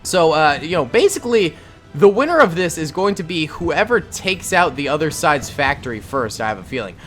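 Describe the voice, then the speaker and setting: A young man gives rambling, jokey let's-play commentary over a game, his pitch swinging widely as he talks. His voice sits a touch higher than most men's, and faint game music plays underneath. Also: normal speed. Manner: jokey, excitable, rambling asides. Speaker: gaming YouTuber.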